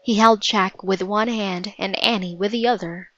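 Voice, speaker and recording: A woman narrating a storybook in a measured, vivid read-aloud manner. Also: medium pitch, steady tone, no echo, lo-fi sound.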